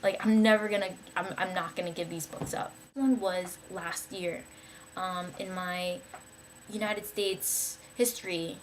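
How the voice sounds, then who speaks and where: A woman's voice: fairly low pitch, fairly even intonation, a little slow, noisy background. A young woman talking casually to camera about books she liked, rambling and enthusiastic, with many fillers and restarts. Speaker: vlogger.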